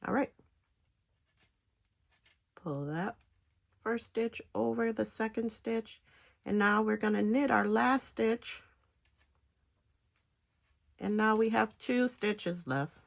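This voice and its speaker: A woman giving a casual step-by-step knitting tutorial, talking in halting phrases with pauses between them. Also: a little high, gravelly. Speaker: knitting instructor.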